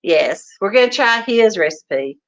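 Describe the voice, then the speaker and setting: A woman's voice: mid-range voice, animated, measured pace. Lady chatting on a home livestream, folksy, greets everybody, dull lo-fi sound. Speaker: livestream host. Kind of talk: casual livestream chat, reading out viewer comments. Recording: dull lo-fi stream audio.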